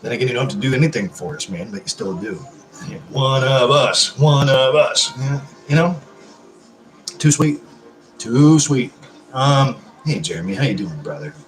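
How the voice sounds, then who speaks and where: A man on a live stream drinks beer while answering comments, speaking at normal speed in a mid-range voice. He is effusive and rambling and swears constantly. The rough recording is reverberant, with soft music in the background.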